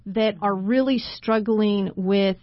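A woman's voice: medium pitch, steady tone, slow pace, dry recording, highs cut off. A woman hosting a Christian radio talk show from a studio, speaking to listeners in a friendly, direct way as "friends.". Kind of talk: faith-based radio talk.

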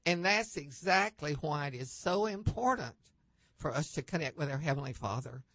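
A woman guest on a faith-based talk show, telling anecdotes with lively upward leaps in pitch and many restarts. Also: moderate pace, no room sound. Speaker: guest panelist.

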